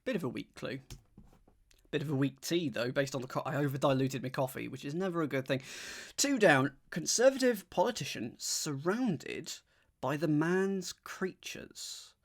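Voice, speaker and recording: A man solving a crossword on a live stream, thinking aloud, reading clues out slowly and chatting with his viewers. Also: fairly high pitch, expressive.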